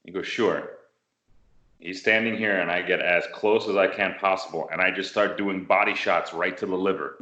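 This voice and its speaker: A man from the United States tells his story in a relaxed interview, lively and acting out the voices of the people in it. His voice sits a bit low but sounds bright and forceful. The room around him is roomy and echoey. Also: a little fast, hardly any pauses, highs cut off. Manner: animated storyteller, acts out quotes. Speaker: interviewee, martial arts practitioner. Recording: roomy echo.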